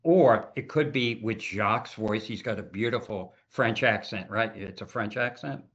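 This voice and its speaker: A man's voice: fairly low pitch, normal speed. Emphatic man, dull lo-fi podcast audio. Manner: animated, emphatic, often repeats words as he talks. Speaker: cybersecurity consultant guest. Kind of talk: casual podcast interview.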